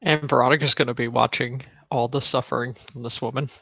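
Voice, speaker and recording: Man player, forceful bright voice, matter-of-fact tabletop narration, dry mic. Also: mid-range voice, fairly even intonation, quick pace, gravelly, no echo, highs cut off. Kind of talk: tabletop role-play narration.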